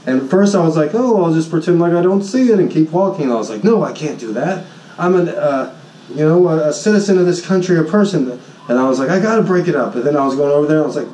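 A man, a high school Spanish teacher, telling a story in a jokey, boastful vlog and acting out his own shouts. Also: quick pace, roomy sound, distant mic, low-quality recording. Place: Honolulu.

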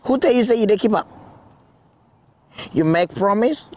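An actor playing a blustering kidnapper who stammers out threats over the phone, with a Nigerian Pidgin accent. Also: male voice, a little high, measured pace, close to an everyday voice. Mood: ranting.

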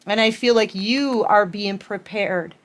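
A woman giving a collective tarot reading, gushing and excitable, speaking warmly and directly to her viewers with frequent laughs. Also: mid-range voice, measured pace. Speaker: tarot reader.

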